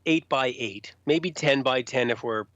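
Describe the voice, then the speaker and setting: A man guest on a casual podcast, telling backstage stories in an animated way and acting out the people he quotes. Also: mid-range voice, slow, no room sound. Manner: animated, acts out quoted voices. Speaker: rock journalist guest. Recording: dull lo-fi podcast audio.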